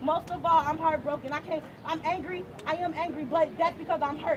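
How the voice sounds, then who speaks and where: A woman's voice: high voice, fairly even intonation, a little fast, few pauses, highs cut off. A woman activist, giving a fiery, preacherly protest speech outdoors, repeating her lines. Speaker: community activist. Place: outdoor street gathering. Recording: loud crowd and street noise outdoors.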